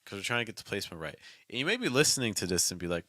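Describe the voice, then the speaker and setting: A man's voice: medium pitch, very animated, very fast, few pauses, sharp tone, no echo, studio quality. A man hosting a daily pronunciation lesson, energetically demonstrating phrases by repeating them several times. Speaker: pronunciation coach.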